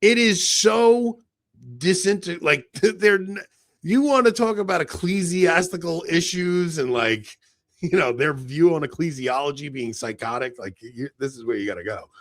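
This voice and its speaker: A man with a New York accent co-hosting a podcast, talking in an animated, excitable way and swearing freely. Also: fairly high pitch, no echo. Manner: animated, excitable, cursing, quick laughs. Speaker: podcast co-host. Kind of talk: casual podcast chat.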